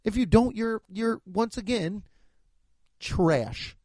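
A man's voice: sits high, slow, a little mellow, no echo. A man hosting a comedy podcast, reading sponsor ads in profane, over-the-top hype. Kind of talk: comedic ad reads.

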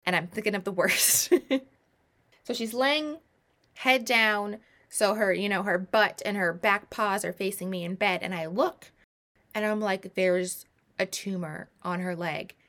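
A woman in her twenties telling a personal story in a casual, animated, self-mocking way, with many rambling asides. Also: mid-range voice, normal speed. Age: 20s.

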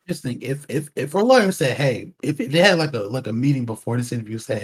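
Man, exasperated podcast co-host, husky voice, lively swinging pitch. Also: fast talker. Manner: interrupting, exasperated, repeats himself. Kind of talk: heated casual commentary.

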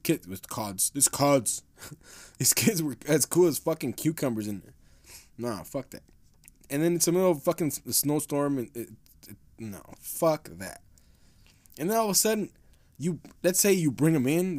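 Profane laid-back male podcast host. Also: mid-range voice. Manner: profane, rambling, laid-back with frequent restarts. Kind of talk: casual storytelling podcast.

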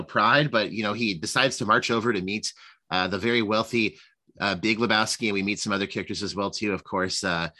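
A man's voice: on the low side, pushed and bright. A man co-hosting a casual film discussion, rambling with many fillers and acting out quoted lines. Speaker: podcast co-host.

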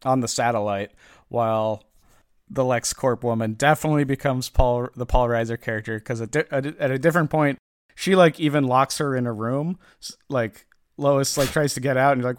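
A man's voice: medium pitch, brisk, clear, resonant tone, dry recording, studio quality. A man chatting casually on a podcast, retelling a comic story with lots of fillers and acted-out lines. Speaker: podcast host recapping a comic. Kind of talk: casual chat.

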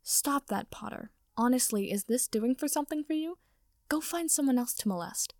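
A woman's voice: on the high side, lively intonation, moderate pace, darkish tone, no echo, studio quality, pitched above the performer's own voice. A woman reading the lines of a prickly, sarcastic young male wizard in an audiobook story, with a snappish manner. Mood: exasperated.

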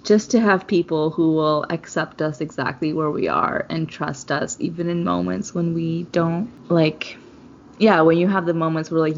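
A woman co-hosts a relaxed podcast chat, her talk emotional and rambling. Her voice is lowish and gravelly. The sound is dull, with faint noise behind it. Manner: emotional, rambling, laughs often. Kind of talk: casual podcast conversation.

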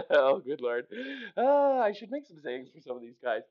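A man's voice: high-pitched, big pitch swings, slow pace, muffled recording. Rambling man introducing his impressions. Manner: rambling, swearing, laughing at himself. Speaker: impressionist host. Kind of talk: casual comedy impressions.

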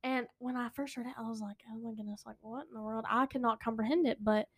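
A woman co-hosting a church youth podcast, reading verses slowly and carefully. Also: on the high side, fairly even intonation, slightly rough. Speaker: podcast co-host. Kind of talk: casual chat and scripture reading.

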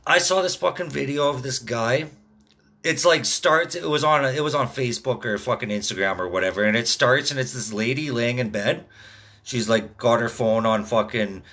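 A man's voice: mid-range voice, pushed and bright. A young man hosting a podcast, telling rambling, profane stories in a casual monologue, full of "dude" and "man". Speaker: podcast host; construction worker.

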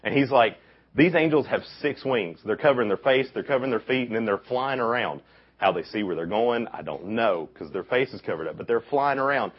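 A young man with a deep, husky voice preaches to a youth camp, storytelling with animated energy and acting out the quotes. The sound is dull and lo-fi. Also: fairly quick. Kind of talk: casual youth sermon. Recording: dull lo-fi recording.

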